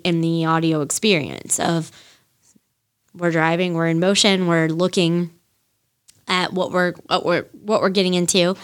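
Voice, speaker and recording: A woman in her thirties hosting a podcast, chatting casually and rambling with lots of fillers and the odd swear as she gushes. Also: fairly low pitch. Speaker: podcast host. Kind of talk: casual solo music chat.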